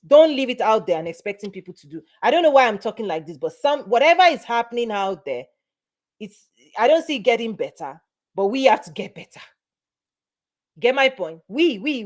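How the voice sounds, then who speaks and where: A middle-aged business and mindset coach gives an emphatic motivational talk to camera, repeating phrases to drive her points home. Her voice sits on the high side.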